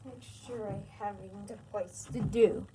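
A woman playing with a toy doll in a casual video, soft and cooing as if talking to a baby. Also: medium pitch, fairly even intonation, unhurried, heavy background noise. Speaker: toy reviewer.

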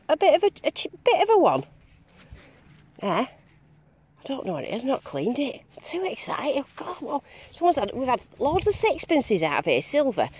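A woman vlogging a metal detecting dig outdoors, chatting in a bubbly, excitable way and repeating herself in delight. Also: high voice. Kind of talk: excited casual running commentary.

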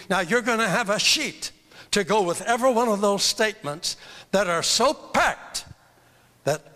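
A man's voice: high voice, sharp tone. Fervent older male evangelist, echoing hall. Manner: emphatic, fervent, repeats phrases for emphasis. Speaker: evangelist teaching a seminar. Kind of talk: sermon-style seminar teaching. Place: church hall. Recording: long reverb of a large hall.

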